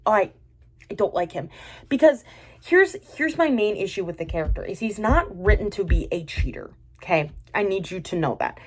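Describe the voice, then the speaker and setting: A woman's voice: mid-range voice, lively intonation, normal speed, slightly rough. A woman reviewing a drama in a casual, exasperated and sarcastic rant, full of fillers and restarts.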